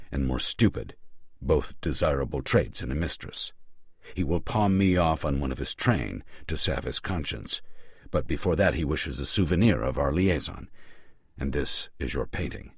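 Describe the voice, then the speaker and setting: A man's voice: a bass voice, breathy edge, dry recording, clean studio sound, heavily acted. A man reading an audiobook and voicing a frank, teasing Roman courtesan woman.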